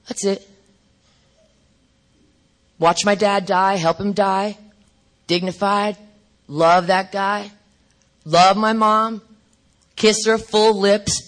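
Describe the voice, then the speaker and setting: A middle-aged woman speaking at a recovery meeting, telling her story bluntly and profanely with animated asides. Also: mid-range voice, normal speed, long pauses.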